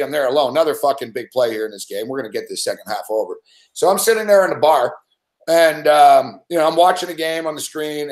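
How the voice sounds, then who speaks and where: In casual conversation, a middle-aged regular from a sports betting show rambles through a story, cursing every few words. For a man, his voice sits slightly high. There's a noticeable echo from the room.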